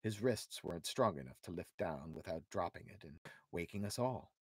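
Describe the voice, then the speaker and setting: A man reading aloud as a calm, shrewd young warrior hero who speaks in a measured, reasoning way. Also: low-pitched, breathy edge, dry recording, clean studio sound, voice pushed down, full character voice. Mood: steady.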